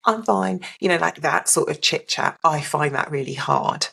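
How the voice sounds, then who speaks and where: A woman's voice: low voice, steady tone, moderate pace, gravelly, slightly rough. A woman giving a candid, reflective personal account as a podcast guest. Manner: reflective and open, mimics others in a brighter voice.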